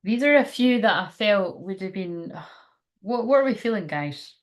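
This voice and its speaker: A woman's voice: mid-range voice, animated, a little slow. A woman doing a live card reading for her viewers. She rambles and thinks aloud in a chatty, informal way. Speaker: tarot card reader.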